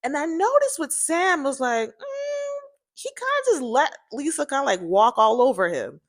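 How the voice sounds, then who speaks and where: A woman casually telling a personal story to her viewers, chatty and animated, often turning to address them directly. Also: high voice, normal speed. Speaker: storytime vlogger.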